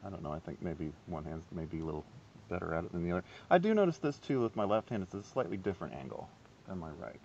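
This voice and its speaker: Low-voiced chatty man teaching harp. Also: lively intonation, fast, darkish tone, muffled recording, slight background noise. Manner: chatty, self-deprecating, laughs often. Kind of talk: casual video lesson.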